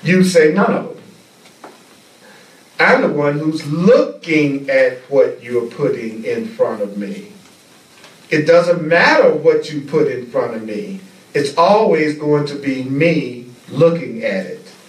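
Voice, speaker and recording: A man teaching a spiritual class, speaking slowly and deliberately and repeating key phrases for emphasis. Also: on the high side, lively intonation. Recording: echoey room, mic at a distance.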